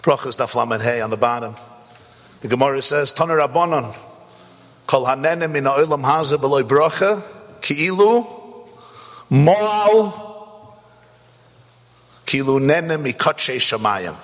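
A man teaching a Torah class, animated and rising to shouts to stress a point. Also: mid-range voice, slow, long pauses, in a large hall. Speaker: rabbi.

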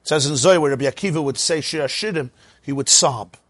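Husky-voiced man teaching Torah. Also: a little high, quick pace, no room sound. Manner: animated, rhetorical questions, repeats words. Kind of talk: Torah lecture.

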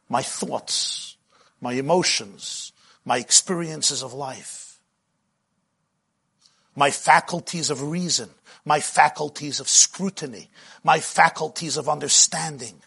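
A man's voice: medium pitch, gravelly, bright, forceful tone, slightly rough. A middle-aged man giving a spiritual lecture as a Jewish teacher, with rhythmic, repetitive phrasing that often builds with passion.

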